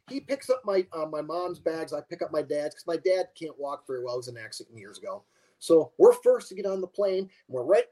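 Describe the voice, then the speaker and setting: Older male guest; high, very animated voice; rambling anecdote-teller. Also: poor audio. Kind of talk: casual storytelling.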